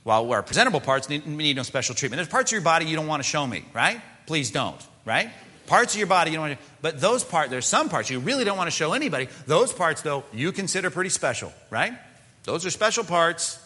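Male pastor, animated and bright, chatty sermon delivery with rhetorical questions, long church reverb. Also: quick pace. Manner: conversational preaching with asides and rhetorical questions; mimics whining body parts in a high voice.

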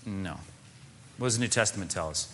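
A male pastor preaching a conversational sermon, full of asides and rhetorical questions, sometimes mimicking whiny voices in a high pitch. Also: a little fast, a bit bright, long reverb tail, a little hiss or hum. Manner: mimics whining body parts in a high voice.

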